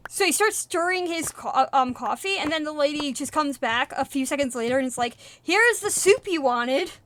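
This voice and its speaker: A woman streaming a video game, chatting casually and retelling things in a rambling, animated way with fillers and swearing. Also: sits high, brisk, a little hiss or hum. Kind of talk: casual live-stream chatter while gaming.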